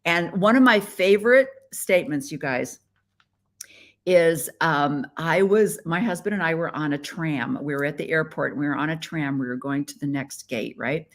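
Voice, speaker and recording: A woman's voice: low-pitched, normal speed. A middle-aged woman from the US Midwest hosting a live podcast stream, chatty and playful, talking into her webcam. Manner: chatty and playful, with frequent laughs. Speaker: podcast host. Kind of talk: casual live-stream chat.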